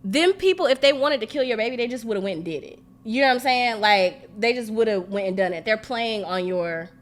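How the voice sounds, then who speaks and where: A woman co-hosting a podcast, talking in a frank, animated way, swearing freely and leaning on "like" a lot. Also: on the high side, a little fast. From family roots in Mississippi and Louisiana. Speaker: podcast co-host. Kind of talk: casual podcast chat.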